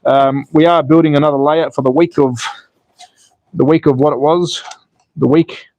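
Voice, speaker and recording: Here the slot car channel host is again at home, putting a track together on a live stream, reading chat out loud and making self-deprecating jokes. His pitch is fairly high and his intonation fairly even, with a moderate pace and a slightly mellow quality. It is a dry recording.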